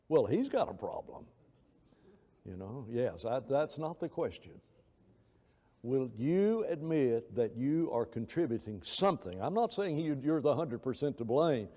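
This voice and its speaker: Mellow-voiced man teaching a Bible class. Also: mid-range voice. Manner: rambling and anecdotal, acts out quoted voices. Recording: long reverb of a church hall.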